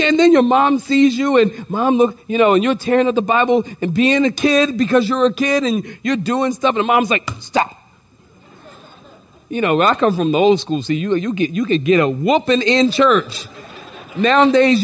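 Pastor with a very high voice, preaching in an animated, joking manner. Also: male voice, moderate pace. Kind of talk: sermon. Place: church sanctuary.

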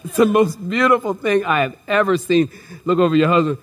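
Very high-voiced man preaching. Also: a little fast, slight background noise. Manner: animated, joking storytelling. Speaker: pastor. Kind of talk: sermon. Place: church sanctuary.

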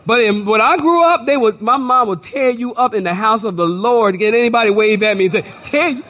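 Very high-voiced man preaching. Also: brisk. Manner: animated, joking storytelling. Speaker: pastor. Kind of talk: sermon. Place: church sanctuary.

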